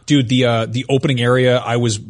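Animated man chatting on a podcast. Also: brisk. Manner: animated, jumps into goofy high impressions. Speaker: podcast host. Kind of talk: casual podcast chat.

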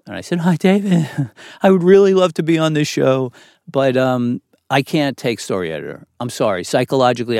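A man's voice: medium pitch, no room sound, studio quality. A middle-aged man, a TV writer and producer, telling a long story as a podcast guest. He talks candidly, swears freely and acts out the people he quotes. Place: studio.

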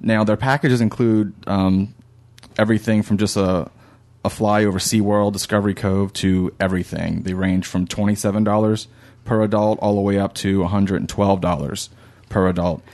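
A man's voice: fairly low pitch, steady tone, normal speed, a little mellow. A man co-hosting a casual podcast, reading out a listener's email and then plainly listing tour details and prices. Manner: reads listener mail and lists details plainly.

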